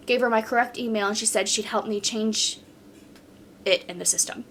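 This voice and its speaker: A woman's voice: fairly high pitch, steady tone, moderate pace, fairly bright tone, slight background noise. A woman hosting a podcast in casual chat, reading posts aloud and reacting bluntly.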